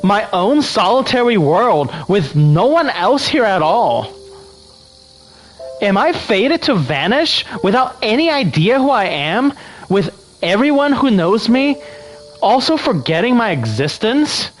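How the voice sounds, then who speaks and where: A man's voice: high-pitched, sing-song, a little slow, voice pushed up, rough recording. A man voicing an anxious young woman lost in a strange world, reading game text in a put-on Valley Girl accent with rising, upswinging lines.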